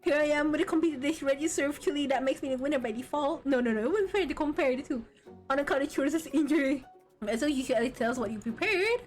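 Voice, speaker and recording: A woman VTuber streaming a game, reading its text aloud and bursting into loud outcries and laughter. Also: high voice, fast, soft background music.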